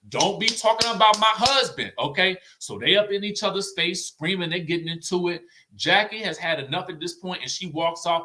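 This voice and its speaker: A chatty man giving a casual commentary recap of a reality show. His voice is bright, a little high, and swings lively up and down. He keeps checking in with the listener as he talks. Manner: chatty and animated, tags lines with "okay?" and "you know what I'm saying?".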